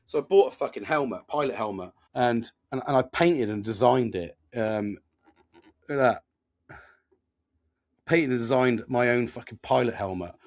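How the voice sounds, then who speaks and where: A man's voice: medium pitch, normal speed, long pauses, darkish tone. A middle-aged man, talking candidly and rambling in a casual podcast monologue, swearing often and poking fun at himself. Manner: sweary, rambling, self-deprecating. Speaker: podcast host.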